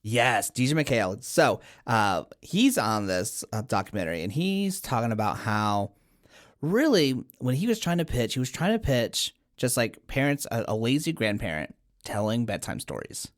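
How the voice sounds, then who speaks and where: Animated man explaining things. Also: mid-range voice, normal speed. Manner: explanatory, laughs easily, lively. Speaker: podcast co-host. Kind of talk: casual chat over drinks.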